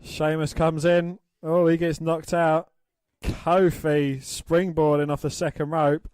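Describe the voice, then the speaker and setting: A man with a high, smooth voice co-hosts a podcast at an unhurried pace, giving brief, laid-back replies. The recording is dry and close. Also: flat delivery, darkish tone, no room sound. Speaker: podcast co-host. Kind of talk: casual wrestling podcast commentary.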